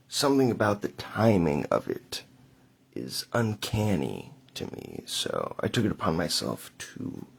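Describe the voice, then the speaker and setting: A young adult man talking to camera in a rambling, mock-theatrical vlog monologue, halting with fillers and wry asides. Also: on the low side, creaky, slightly rough. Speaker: vlogger.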